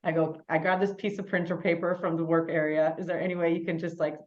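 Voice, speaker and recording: A woman co-hosting a podcast, an animated storyteller in casual chat. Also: lowish voice, lo-fi sound. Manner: animated storyteller, quick and chatty. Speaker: podcast co-host.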